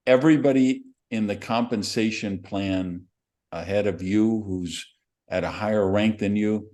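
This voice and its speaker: A man's voice: fairly low pitch, a little mellow. A man hosting a podcast interview, talking emphatically and often restarting his sentences. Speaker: podcast host. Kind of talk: casual interview chat.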